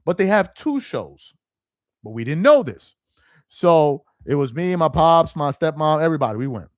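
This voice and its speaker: A man's voice: a little high, big pitch swings, moderate pace, no echo, studio quality. A man hosting a casual live stream, chatting animatedly and reacting to viewer comments. He laughs easily and often repeats himself. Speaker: live stream host reading viewer chat.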